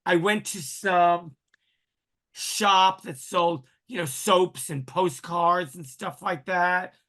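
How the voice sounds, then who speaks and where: A man in his sixties, a podcast guest in casual conversation, animated and flamboyant with dramatic exclamations. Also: high voice, slow pace.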